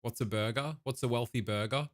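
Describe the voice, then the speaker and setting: A man's voice: medium pitch, brisk. A man with an Australian accent casually commenting on a game, reading its text aloud and breaking off for jokey, profane asides.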